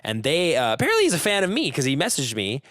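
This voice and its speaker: Animated man telling gym stories. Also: a little high, quick pace, no echo, studio quality. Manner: animated storyteller, mimics people he quotes. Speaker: guest, jiu-jitsu competitor. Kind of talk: casual podcast conversation.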